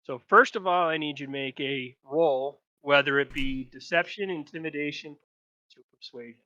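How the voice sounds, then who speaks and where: A man running a tabletop game, with a bright, forceful and fairly high voice. He narrates loosely and chattily, often restarting his sentences. The sound is dry and a little dull, like a modest home mic. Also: moderate pace, dry recording. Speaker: game master.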